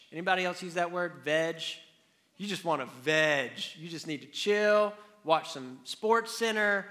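A high-pitched man preaching in a church. His voice is bright and forceful, and he keeps the sermon casual and full of jokes, acting out the disciples in the boat. It moves from a quiet opening prayer into lively teaching. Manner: casual and joking, acts out the disciples. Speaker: pastor. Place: church hall.

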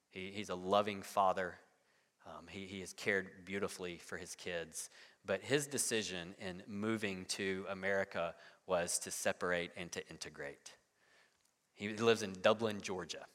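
Male pastor, 30s, chatty sermon delivery with stumbles and "right?" asides, bright tone, echoing hall. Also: lowish voice. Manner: conversational, repeats words, frequent "right?". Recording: long hall reverb.

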